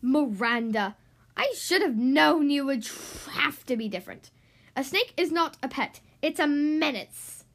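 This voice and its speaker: A woman voicing a bossy female headmistress who hates animals, booming her words slow and clipped. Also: very animated, heavily acted. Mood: furious.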